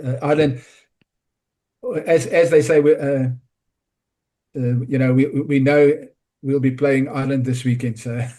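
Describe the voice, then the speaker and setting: A man's voice: mid-range voice, fairly even intonation, a little slow, long pauses, warm tone. A man talking rugby analysis in a casual podcast chat, often restarting and repeating words. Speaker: rugby pundit.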